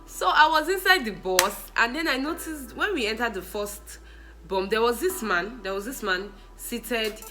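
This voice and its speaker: A young Nigerian woman tells funny stories to camera with a bright, crisp voice. She talks in an animated way and keeps breaking into laughter and exclamations. Soft music plays faintly behind her. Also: a little high, normal speed, rough recording. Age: young adult. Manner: animated, laughing, mixes in pidgin and Yoruba exclamations. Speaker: vlogger. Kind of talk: casual storytelling vlog.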